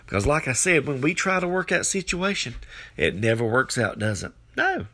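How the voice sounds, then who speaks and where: A man's voice: big pitch swings, normal speed, pushed and bright. A man preaching a devotional podcast sermon, repeating phrases and growing fervent as he urges listeners on. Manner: repetitive, fervent, rising pitch when exhorting.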